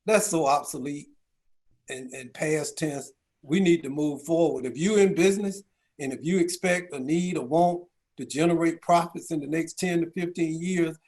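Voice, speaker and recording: Man, middle-aged, fairly high voice, speech at a round table, storytelling, rhetorical questions. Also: a little mellow. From Georgia, US. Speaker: county CEO speaking at a business round table.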